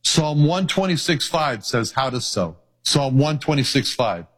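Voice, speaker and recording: A man's voice: medium pitch, sing-song, a little slow, fairly bright tone, slightly rough. A man preaching a sermon in an earnest way. He repeats key phrases for weight and reads scripture passages aloud in old-fashioned wording. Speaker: pastor.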